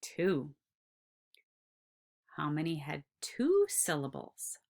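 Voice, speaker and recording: A woman teaching a recorded kindergarten lesson, speaking slowly and encouragingly and drawing out words for young children. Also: low-pitched, wildly swooping pitch, vocal fry, a little mellow.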